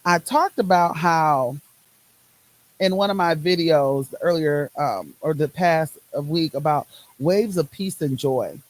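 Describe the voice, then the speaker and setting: A woman's voice: deep voice, animated, slow, poor audio. A woman hosting a podcast, talking about her own life in an emphatic, repetitive rhythm, recorded on a phone. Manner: emphatic, repeats phrases in rhythmic runs; uses casual Southern US words like y'all. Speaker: podcast host; medical field worker. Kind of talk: personal podcast monologue.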